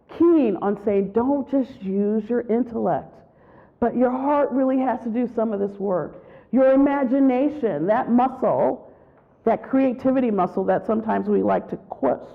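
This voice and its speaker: Animated woman giving a gravelly retreat talk. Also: on the high side. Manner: animated storytelling, acts out quotes. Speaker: retreat speaker. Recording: tinny phone-like sound.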